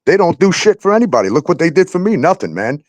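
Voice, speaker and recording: A man's voice: a little high, very animated, fast, no echo. A man hosting a talk show, ranting heatedly and swearing constantly about landlords and the police. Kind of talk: angry profane rant.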